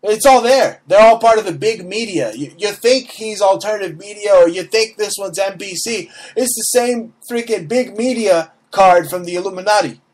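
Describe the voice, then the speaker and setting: A man with a somewhat high voice rants on his talk show. He is brash and mocking and swears freely, restarting his sentences and tagging them with "okay?" over and over. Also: normal speed, few pauses. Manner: repeats "okay?" and restarts often, mocks voices in quotes. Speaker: host. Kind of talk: profane comedic political rant.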